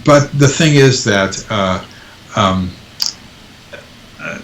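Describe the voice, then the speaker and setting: A man's voice: on the low side, very slow, crowd noise, rough recording. A man answering interview questions in casual talk, hesitant, with many ums and restarts. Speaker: guest author.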